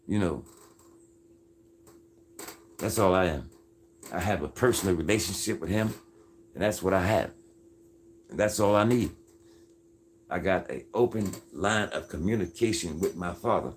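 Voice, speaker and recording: A man's voice: low-pitched, a little hiss or hum. A man hosting a casual faith-based livestream, earnest and folksy, keeps calling his viewers "folks" and "man.". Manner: earnest, preacher-like insistence. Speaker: livestream host reading viewer comments.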